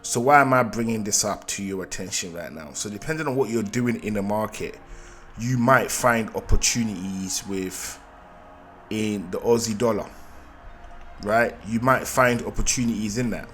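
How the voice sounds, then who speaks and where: A man's voice: lowish voice, normal speed, fairly bright tone, soft background music. A man giving a live market analysis, thinking aloud and repeating phrases, often checking in with "right?". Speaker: trading analyst.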